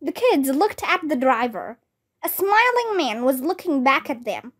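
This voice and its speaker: A woman reading a children's mystery book aloud in a slow, careful, even way. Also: sits high. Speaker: storybook reader.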